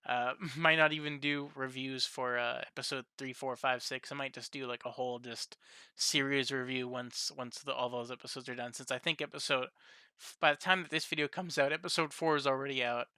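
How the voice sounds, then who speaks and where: A man's voice: medium pitch, steady tone, a little fast, bright, forceful tone, clean tone, no room sound. A man giving a rambling, casual episode review on his channel, circling back and restarting often. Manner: rambling, lots of fillers and restarts. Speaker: YouTube reviewer.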